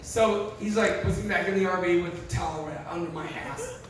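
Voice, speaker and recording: High-voiced man doing profane stand-up. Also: a little fast, crowd noise. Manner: profane, animated storytelling with acted-out quotes. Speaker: comedian. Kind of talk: stand-up comedy set. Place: live comedy venue. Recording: very echoey, distant, noisy live room.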